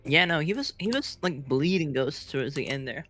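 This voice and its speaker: A man casting a live video game match in a soft-spoken, relaxed and playful way. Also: on the high side, normal speed, faint music behind. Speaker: esports caster.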